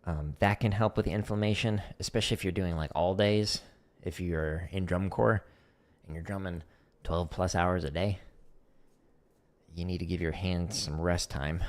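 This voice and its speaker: Relaxed man explaining drum technique. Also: low-pitched, normal speed. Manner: relaxed, explanatory, talks while demonstrating. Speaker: drum teacher streaming practice. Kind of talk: casual livestream instruction.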